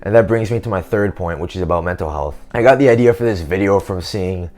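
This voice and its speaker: A man's voice: low-pitched, fast, a little mellow. A young man in a casual vlog monologue, rambling and slangy, filling his talk with "man" and "dude". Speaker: self-improvement vlogger.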